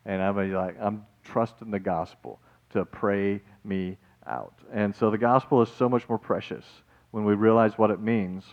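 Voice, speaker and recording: Lively, joking male pastor preaching. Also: on the low side, moderate pace, few pauses, highs cut off. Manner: lively, jokey preaching with asides and acted-out quotes. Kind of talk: sermon.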